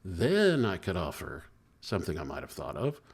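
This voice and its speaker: A man's voice: low voice, moderate pace, creaky, breathy edge. A middle-aged man, a therapist, giving relationship advice to the camera and acting out everyday conversations. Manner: animated, acts out quoted dialogue.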